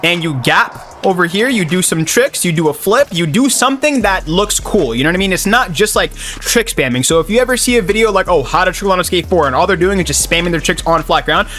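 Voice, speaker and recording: A young man, a gaming YouTuber, giving casual gameplay commentary in an excitable, slangy way, swearing at his fails. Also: high-pitched, brisk, hardly any pauses.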